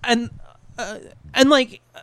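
A man co-hosting a podcast, chatting casually with lots of swearing and quick voice impressions. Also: very high-pitched, clear, resonant tone, dry recording. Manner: animated, swears a lot, mimics voices. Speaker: podcast co-host. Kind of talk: casual profane chat.

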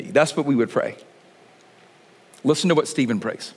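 This man's sermon moves at a moderate pace with frequent pauses and a breathy quality. Speaking conversationally as a pastor, he asks many rhetorical questions and often goes quiet and low to stress a point.

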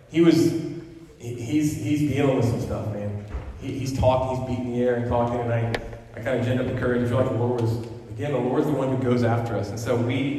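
A man's voice: mid-range voice, a little mellow, slight background noise. A man preaching a sermon as pastor, building to emphatic, impassioned peaks and dropping into casual asides with fillers. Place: church sanctuary. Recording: echoey hall recorded from far off.

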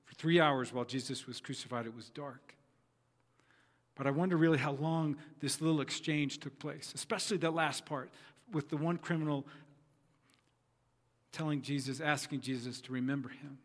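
A man's voice: on the high side, steady tone, moderate pace. Preacher man in an echoing hall. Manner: voices quoted figures dramatically, repeats phrases. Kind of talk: sermon.

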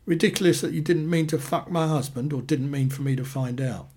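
Casting: a man playing a venomous betrayed wife, pitched up, slightly husky. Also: brisk, dark tone, natural voice. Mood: furious. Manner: accusing, venomous, swearing. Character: furious betrayed wife, grown woman.

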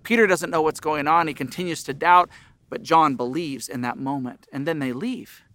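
A man's voice: on the high side, normal speed, fairly bright tone, no echo. A middle-aged man preaching a sermon as pastor, earnest, his voice rising and dropping for emphasis.

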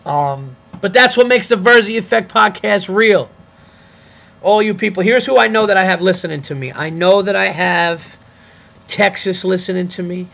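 Goofy rambling New man, higher voice. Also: moderate pace, gravelly, fairly bright tone. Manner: goofy, rambling, swearing freely. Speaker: comedian podcast host. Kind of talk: casual solo podcast monologue.

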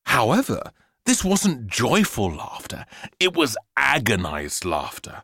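A man narrating a children's story aloud with an expressive, theatrical delivery. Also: fairly high pitch, a little slow, no echo, studio quality.

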